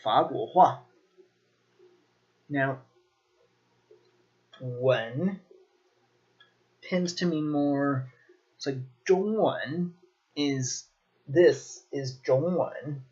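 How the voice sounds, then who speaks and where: Slow, relaxed man teaching vocabulary. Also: a little high, muffled recording. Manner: relaxed, lots of ums and restarts. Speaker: language teacher. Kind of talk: casual video lesson.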